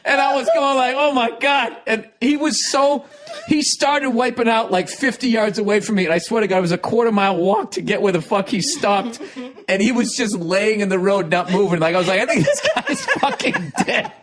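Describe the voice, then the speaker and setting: Guy w a high voice telling a story on a podcast, keeps cracking up, swears constantly. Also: a little fast. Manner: animated, laughing often, heavy swearing. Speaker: podcast host. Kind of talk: casual storytelling.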